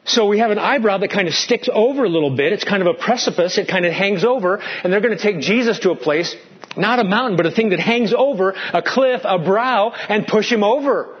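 A high-pitched man preaches as pastor a little fast, his animated delivery shifting between loud and quiet as he occasionally questions the congregation. The audio sounds dull.

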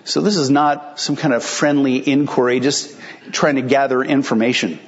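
A man's voice: mid-range voice, steady tone, normal speed, lo-fi sound. A male pastor preaching a sermon in a conversational, explanatory way, asking rhetorical questions and answering them.

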